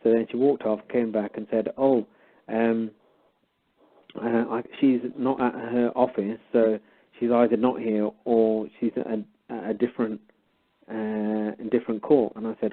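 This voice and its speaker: A man's voice: medium pitch, little pitch movement, unhurried. A man casually retelling a story, animatedly acting out both sides of a conversation. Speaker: guest storyteller. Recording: tinny phone-like line.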